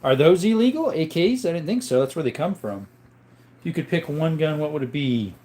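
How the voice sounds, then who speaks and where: A man's voice: fairly high pitch, expressive, brisk, dark tone. A young man hosting a casual livestream, reading chat and greeting viewers by name in a chatty, upbeat way.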